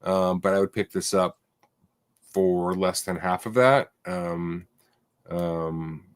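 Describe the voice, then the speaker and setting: A man co-hosting a casual comic sales show, talking in a relaxed, hesitant way with many fillers. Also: sits low, slow pace, clear, resonant tone, no echo, clean studio sound. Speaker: co-host. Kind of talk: casual chat about comic prices.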